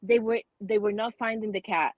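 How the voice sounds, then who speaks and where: A woman hosting a casual chat, telling a story with many restarts and pauses. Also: medium pitch, no echo, highs cut off. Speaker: host.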